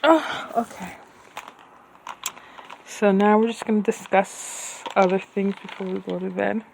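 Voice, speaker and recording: A woman who hosts a podcast, reading her own fiction aloud and then chatting casually, with slow, deliberate enunciation and rambling asides. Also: mid-range voice, flat delivery, creaky, darkish tone, a little hiss or hum, poor audio. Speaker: podcast host and author.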